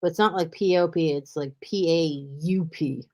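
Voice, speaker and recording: A woman's voice: low-pitched, moderate pace, mellow. A woman hosting a podcast, chatting casually and animatedly, often slipping into mimicked accents as she talks. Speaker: podcast host. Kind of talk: casual interview chat.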